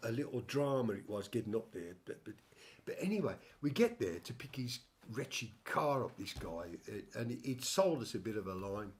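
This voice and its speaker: A man's voice: on the low side, big pitch swings, normal speed, hardly any pauses. An older man hosting a casual music chat, telling a long story with many restarts and wry asides. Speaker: show host and songwriter.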